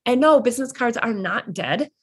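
A woman's voice: on the high side, animated, moderate pace, breathy edge. Chatty woman podcaster giving advice. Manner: chatty, laughs often, acts out little dialogues. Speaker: podcast host. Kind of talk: casual solo podcast advice.

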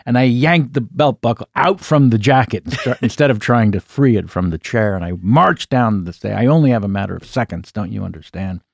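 A man in his sixties, a comedian guest, telling an anecdote in an animated way, with asides and self-corrections. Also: lowish voice, brisk, vocal fry, few pauses, no echo, clean studio sound. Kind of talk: anecdotal storytelling in an interview.

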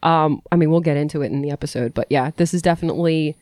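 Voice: medium pitch, fast talker, darkish tone, dry recording, clean studio sound. A podcast co-host who is upbeat and chatty and keeps restarting sentences. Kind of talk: casual podcast chat.

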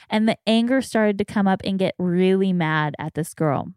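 A woman's voice: mid-range voice, normal speed, hardly any pauses, a little mellow, clear, resonant tone, dry recording, clean studio sound. A woman in her thirties hosting a podcast, telling her own story in a candid, reflective casual chat. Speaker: podcast host.

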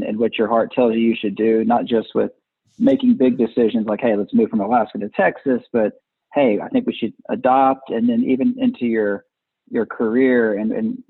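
A man's voice: lowish voice, breathy edge, no echo. A man hosting a podcast who asks long, rambling questions in a casual interview. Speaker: podcast host. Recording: dry, tinny phone-like line.

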